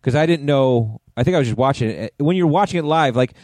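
A man's voice: medium pitch, fast talker, no room sound. Profane, joking male podcast co-host. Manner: profane, animated storytelling. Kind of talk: casual chat.

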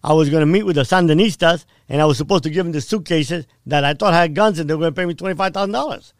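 A middle-aged man with a gravelly, slightly high voice recounts his story in blunt, vivid casual talk, checking in with the listener as he goes. The sound is dry and close, with no room around it. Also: racing, dry recording. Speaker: podcast guest.

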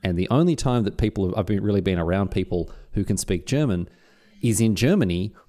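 A man's voice: on the low side, lively intonation, brisk, warm tone. A man co-hosting a podcast, telling stories in a chatty way and slipping into mock voices. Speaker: podcast co-host. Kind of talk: casual chat. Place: Sunshine Coast, Queensland.

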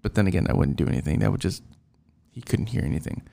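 Frustrated with his coworkers, this driver rants in a loose, rambling way, full of fillers and false starts. He speaks quickly in a deep, gravelly, dark-toned voice with lively intonation.

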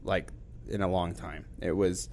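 A man co-hosting a casual podcast chat, telling a long story in an animated way and acting out the voices of the people in it. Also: low-pitched, a little slow, vocal fry. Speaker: podcast co-host.

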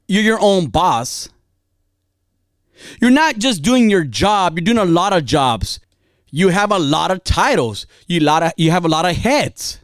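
A woman's voice: medium pitch, no room sound. A woman giving a casual motivational talk, emphatic and repetitive, dropping slang as she drives her points home.

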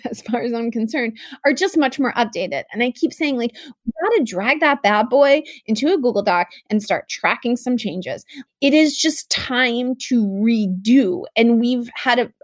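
A young woman from the United States, a guest speaking in an animated, outspoken way, with many "like"s in casual conversation. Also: fairly high pitch, no room sound.

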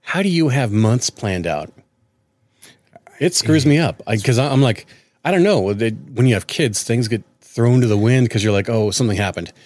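A man in his thirties, co-hosting a podcast in casual chat, telling animated stories and acting out quotes. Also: mid-range voice, normal speed, no echo. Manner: animated storyteller, acts out quotes. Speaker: podcast co-host.

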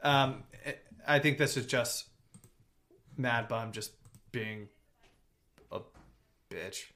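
A man's voice: mid-range voice, bright, forceful tone. A young man co-hosting a podcast, chatting casually about sports in rambling bursts. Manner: rambling, quick bursts of talk. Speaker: podcast co-host.

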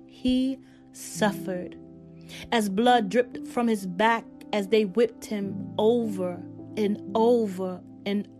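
High-voiced woman doing a slow intense spoken-word poem, soft music under it. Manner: slow, solemn, intense recitation with repeated refrains. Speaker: devotional poet.

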